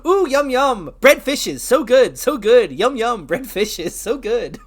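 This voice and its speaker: A pious background villager from a video game, put on by a podcast co-host, coos in a raised, louder voice and smacks its lips over its food. The voice rises and falls a lot. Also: mid-range voice, very animated, takes it slowly, voice pushed up. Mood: blissful.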